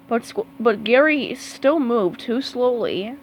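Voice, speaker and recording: A woman reading a children's storybook aloud in an expressive way. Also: mid-range voice, slight background noise, low-quality recording. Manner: slow, expressive read-aloud. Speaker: storybook reader.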